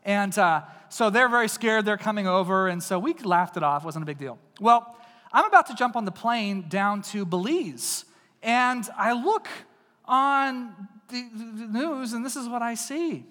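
Male preacher from East Texas, high voice, casual and jokey, big echoing hall. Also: lively intonation, unhurried, bright, forceful tone. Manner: casual, jokey, addresses the crowd directly. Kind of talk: conversational sermon with personal stories. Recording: long reverb of a large hall.

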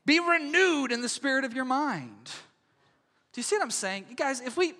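A man preaching a sermon as pastor, in a lively, conversational way, often asking the congregation whether they follow. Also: very high voice, normal speed, big-room sound. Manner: animated, conversational, asks audience questions.

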